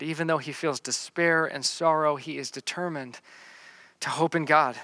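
A man preaching a sermon, reading scripture verses slowly and then explaining them in plain talk, often repeating words as he restarts. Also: on the high side, steady tone, pushed and bright, dry recording. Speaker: pastor. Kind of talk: sermon teaching through a psalm.

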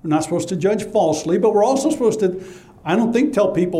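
A man's voice: sits high, fairly quick, dark tone. A man preaching a sermon as pastor, emphatic and conversational, asking rhetorical questions and answering them himself.

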